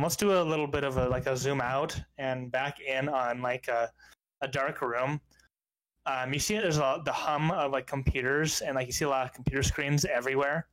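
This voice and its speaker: A man's voice: mid-range voice, steady tone, brisk, a bit bright. A young man narrating a tabletop game as game master, loose and full of fillers. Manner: loose, filler-heavy, descriptive.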